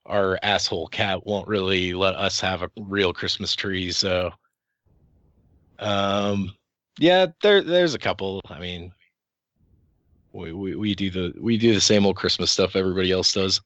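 Chill guy on a podcast, low voice, dry little comebacks, no room sound. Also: measured pace, a bit bright, dry recording, muffled recording. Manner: laid-back, dry comebacks. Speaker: podcast co-host. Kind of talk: casual chat.

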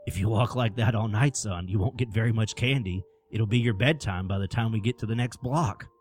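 A man's voice: on the low side, fairly quick, a little hiss or hum, close to an everyday voice. A man voicing a good-humored father who takes his son trick-or-treating. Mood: amused. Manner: teasing, then stern.

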